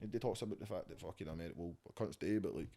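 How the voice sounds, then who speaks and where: A man's voice: low voice, very fast, vocal fry, mellow. A man with a Scottish accent in a casual podcast chat, rambling and swearing freely. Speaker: podcast guest.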